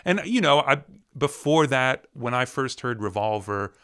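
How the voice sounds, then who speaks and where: A man interviewing a guest in a relaxed, conversational way, laughing along. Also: mid-range voice, measured pace. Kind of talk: casual interview chat.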